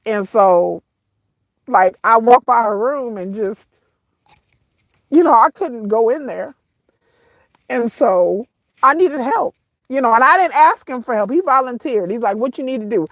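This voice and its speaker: Animated yet tearful, a middle-aged woman vlogger tells her viewers an emotional personal story, halting, repeating herself, and calling them "y'all" as her voice breaks at times. Her tone is a touch high, and the recording is close and dry, with no room sound or echo.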